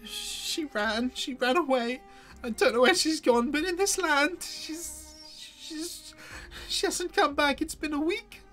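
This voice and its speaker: A man's voice: slow, bright, forceful tone, faint music behind, exaggerated voice. A man voicing a grief-stricken mother who clutches a doll and stammers through her sobs. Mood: distraught sobbing. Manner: shrill, sobbing, stammering.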